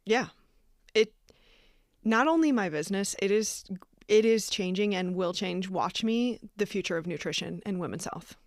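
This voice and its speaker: A woman's voice: mid-range voice, moderate pace, no room sound. A woman hosting a casual conversation, chatty and upbeat, recorded in a studio. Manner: chatty, upbeat, uses many fillers. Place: small studio. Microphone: studio microphone.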